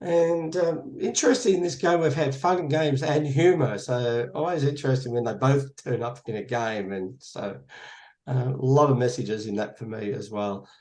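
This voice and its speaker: A man's voice: medium pitch, normal speed, a little mellow. A man facilitating a conversation card game over a video call, introducing each card and thanking each participant. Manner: encouraging, thanks each speaker. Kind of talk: guiding a group conversation.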